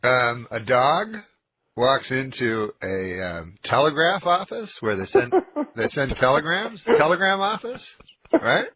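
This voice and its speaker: A comedian from Canada in a radio studio, telling a long joke in a slow, deadpan, meandering way. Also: male voice, mid-range voice, breathy edge, lo-fi sound. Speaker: comedian guest.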